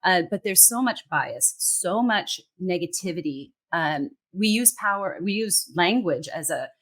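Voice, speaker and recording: A woman's voice: lowish voice, animated, a little slow, a bit bright. A woman from Central California with a Californian accent, speaking passionately and emphatically as an interview guest. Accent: Californian American English. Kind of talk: interview conversation.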